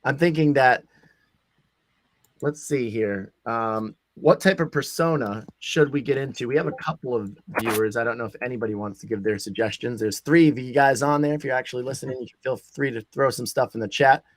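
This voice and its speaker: A man's voice: mid-range voice, a little fast. A man hosting a casual livestream chat, talking loosely with many fillers and restarts. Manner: loose, rambling, frequent fillers. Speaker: host.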